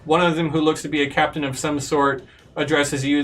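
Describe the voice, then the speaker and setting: A man's voice: a little high, level tone, brisk, fairly bright tone, far from the mic, faint music behind. A man narrating a tabletop game as game master, in loose, filler-heavy speech.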